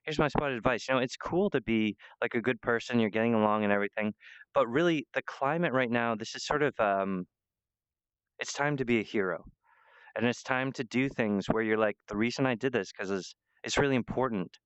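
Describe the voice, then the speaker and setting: A man's voice: medium pitch, a little fast, fairly bright tone, smooth, no room sound, dull audio. A man giving a meandering spiritual monologue, full of fillers and restarts.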